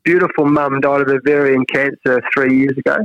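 A man's voice: medium pitch, little pitch movement, fairly quick, no echo, highs cut off. An Australian man, a cricket head coach, reflecting earnestly in an interview, often restarting his sentences. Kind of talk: interview conversation.

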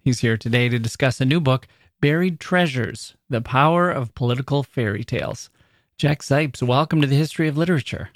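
A man hosting an interview podcast, giving measured, formal introductions. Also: medium pitch, dry recording, studio quality. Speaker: podcast host.

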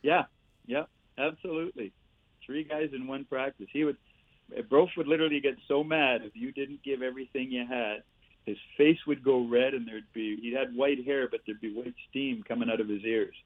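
A man in his sixties, a former player and coach, telling animated stories with laughs and "eh" tags as a podcast guest. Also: medium pitch, normal speed, no room sound. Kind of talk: storytelling interview. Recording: tinny phone-like line.

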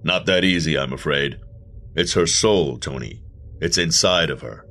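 A man playing a calm, persuasive male agent of the underworld in a black suit, quietly gloating in a horror audio drama. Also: a bass voice, a little slow, full character voice.

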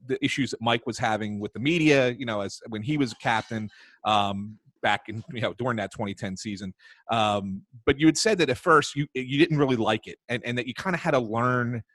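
A man co-hosting a podcast who laughs easily and asks questions in a relaxed way. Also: mid-range voice, brisk, dry recording. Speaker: podcast co-host. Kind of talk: casual interview chat.

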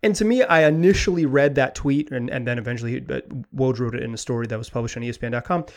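A man hosting a sports talk podcast, talking in an animated, rambling way with frequent restarts. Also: medium pitch, fast. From Pacific Northwest. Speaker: podcast host.

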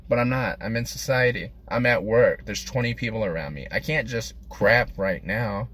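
A man's voice: lowish voice, moderate pace, hardly any pauses, a bit bright. A man delivering a crude, self-deprecating comedic monologue as a podcast host, rambling from one thought to the next.

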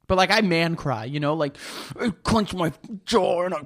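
A man's voice: on the high side, normal speed. A young man co-hosting a podcast, rambling animatedly with lots of swearing. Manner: animated, rambling, profane storytelling. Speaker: podcast co-host. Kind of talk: casual chat.

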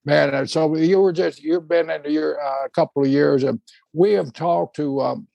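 Host type: gravelly, husky man, rambling anecdotes, dry close sound. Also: a little high, steady tone, warm tone, dry recording, highs cut off. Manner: rambling, halting, many restarts. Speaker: podcast host. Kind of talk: casual storytelling chat.

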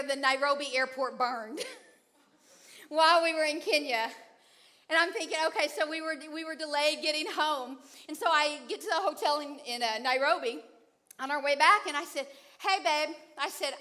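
A middle-aged woman preaching, telling a personal story in an animated way and acting out her own panic and her husband's calm replies. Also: high voice.

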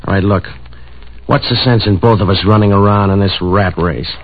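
An actor playing a menacing male hoodlum in a 1940s radio drama, blunt, clipped and low. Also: steady tone, normal speed, lightly acted. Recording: tinny 1940s radio broadcast.

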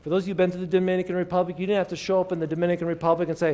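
An American man preaching a sermon in a church service, moving between raised emphatic lines and soft near-whispers and having the congregation repeat after him. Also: high-pitched, level tone, very fast, hardly any pauses. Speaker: pastor.

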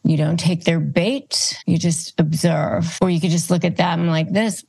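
A woman giving calm, step-by-step advice as a guest expert, speaking in a steady, instructive way. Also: on the low side, a little slow, hardly any pauses. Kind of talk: advice talk, listing tips.

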